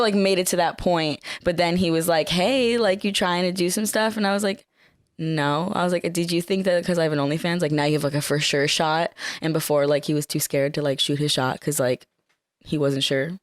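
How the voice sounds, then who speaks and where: Low-voiced candid young woman podcaster. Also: steady tone, brisk, dry recording, clean studio sound. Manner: candid, frequent "like" fillers. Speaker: podcast co-host. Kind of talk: casual chat.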